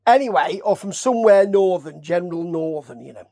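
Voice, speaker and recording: Speaking fairly quickly in a high-pitched, gravelly yet warm voice with lively intonation, a Nottingham man offers loose, chatty commentary on old wrestling. He keeps straying into asides and asking the listener questions.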